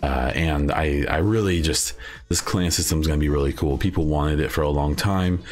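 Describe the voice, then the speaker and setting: A young man with an extremely deep, low voice hosts a solo gaming podcast. He talks in a loose, rambling way, full of "uh"s and false starts. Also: normal speed. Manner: casual, rambling, many fillers and restarts. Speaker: podcast host.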